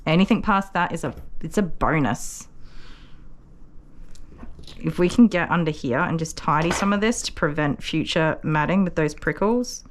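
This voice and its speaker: A woman working as a dog groomer, chatting to viewers and explaining each step as she works, with soft cooing asides to a puppy. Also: deep voice, moderate pace, slight background noise. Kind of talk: casual vlog narration while working.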